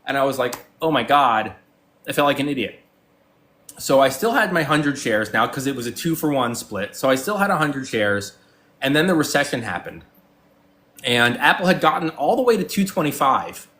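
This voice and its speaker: A man in his forties talks casually as a guest, and his voice sits right at an ordinary middle pitch. He rambles, circles back with fillers and restarts, and acts out both sides of past conversations as he tells his stories. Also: big pitch swings, moderate pace, bright, forceful tone. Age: 40s. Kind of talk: casual chat.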